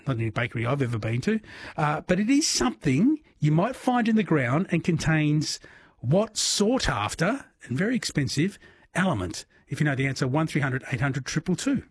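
A man's voice: a little high, very animated, moderate pace, slight background noise. A man with an Australian accent hosting a late-night radio quiz, chatty and joking with callers. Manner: chatty, jokey, laughs easily.

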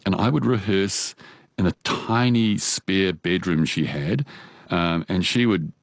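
A very low-voiced man with a New Zealand accent, spinning anecdotes with easy laughter. He talks in a chatty, animated way, slipping into quick impressions of people. The sound is close and dry, with no room around it. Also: gravelly, dry recording. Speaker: guest, opera singer. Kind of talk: relaxed storytelling.

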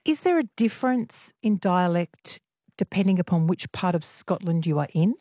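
A woman radio host presenting a talkback show in a chatty, teasing, brisk way. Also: lowish voice, expressive, mellow, no room sound, clean studio sound. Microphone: studio microphone.

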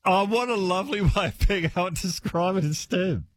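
A man's voice: sits high, a little fast. A man hosting a talkback radio show, chatting with callers and laughing often. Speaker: radio host. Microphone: studio microphone.

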